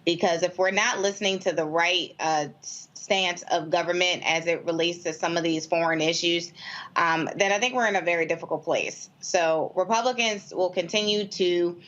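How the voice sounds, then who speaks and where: Low-pitched American woman panelist. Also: fairly even intonation, fairly bright tone, lo-fi sound. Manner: measured, with frequent fillers and restarts. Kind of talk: political discussion.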